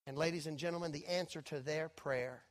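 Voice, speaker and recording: Male preacher, high voice, works the room with big swells and quiet drops. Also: fairly even intonation, brisk. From Texas. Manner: swells loud and high, then drops soft and intimate. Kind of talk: sermon. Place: church sanctuary.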